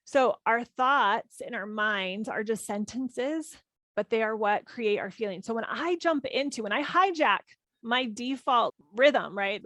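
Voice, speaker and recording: Woman, 30s, podcast host, gentle coaching voice, fairly high, dry recording. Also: measured pace, no echo. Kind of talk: reflective solo podcast talk.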